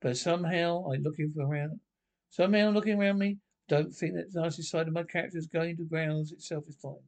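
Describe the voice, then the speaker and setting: An actor playing a blustering middle-aged army drill sergeant in a 1950s British film comedy. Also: male voice, on the high side, fairly even intonation, creaky, a little mellow. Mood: stern. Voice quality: brisk barking commands.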